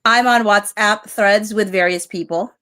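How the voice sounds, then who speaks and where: A woman's voice: mid-range voice, unhurried, fairly bright tone, natural voice. A woman reading aloud a man's guarded, hesitant answers in a deposition during a live stream.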